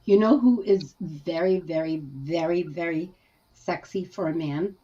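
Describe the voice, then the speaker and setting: A woman's voice: on the low side, a little slow, mellow, husky, muffled recording. A woman co-hosting a casual livestream chat, gushing and teasing. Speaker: co-host.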